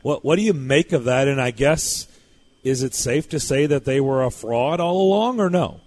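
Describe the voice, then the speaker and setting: Male radio sports host, playful and relaxed in the conversation. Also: mid-range voice, normal speed. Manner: jokey, wraps up the segment.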